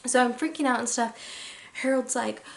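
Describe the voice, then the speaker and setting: A young adult woman vlogger telling a story in a chatty, animated way, full of "like" and dramatic emphasis. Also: fairly high pitch, normal speed, gravelly. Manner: chatty, heavy use of "like". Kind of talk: casual storytime.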